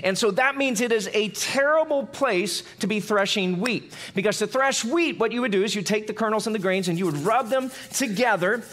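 A man preaching a sermon in a conversational way, acting out quotes and dropping low and quiet for emphasis. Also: moderate pace, hardly any pauses, a little hiss or hum. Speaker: pastor.

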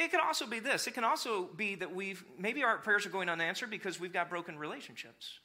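Guy preaching a sermon in church, high bright voice, lively, does little voices for laughs. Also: a little fast. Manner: animated, acts out voices of people for humor. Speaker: pastor.

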